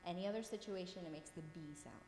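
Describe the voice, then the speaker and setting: Speaking very fast in a lowish, darkish voice, a woman leads a language class by reading words aloud. She keeps checking in with her students, patient and encouraging throughout. Her voice echoes with long reverb over faint room noise.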